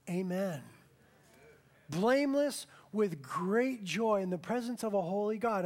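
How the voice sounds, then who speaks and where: Man, pastor, sermon, high voice, animated storytelling, emphatic slow build-ups.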